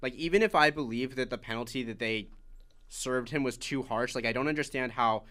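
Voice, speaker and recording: A man's voice: mid-range voice, brisk, a bit bright. A man co-hosting a podcast, casually recapping a motor race lap by lap with lots of "like" fillers. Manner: chatty, many "like" fillers, recapping laps. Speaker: podcast co-host.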